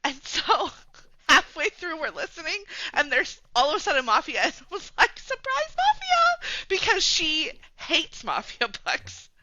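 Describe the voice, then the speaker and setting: A woman's voice: high-pitched, big pitch swings, moderate pace, bright, forceful tone, muffled recording. A woman guest on a podcast, chatting casually and laughing a lot, with plenty of "like" and "um" fillers. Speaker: guest, romance bookstore founder.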